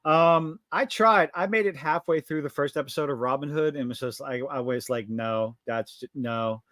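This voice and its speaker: A man's voice: on the high side, moderate pace, a bit bright, dry recording, studio quality. A man co-hosting a casual livestream chat, talking bluntly with lots of swearing and worked-up rants. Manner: blunt, profane, ranting. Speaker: podcast co-host.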